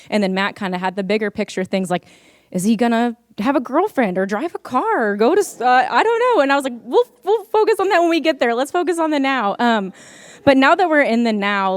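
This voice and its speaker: A woman's voice: medium pitch, clean tone, no room sound, studio quality. A young woman speaking to an audience as a parent, in an earnest, heartfelt personal speech with frequent ums.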